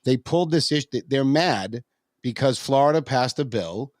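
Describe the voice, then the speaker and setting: A man co-hosting a political talk show, answering a question in a measured, digressive way with many fillers. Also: medium pitch, expressive, no room sound, clean studio sound. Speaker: co-host of a local politics livestream. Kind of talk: casual political chat. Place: radio studio.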